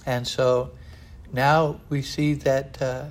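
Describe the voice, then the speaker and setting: An older man preaching a sermon in an earnest, rambling way, often pausing on "uh". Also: mid-range voice, level tone, a little hiss or hum. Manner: earnest, digressive, frequent "uh" fillers.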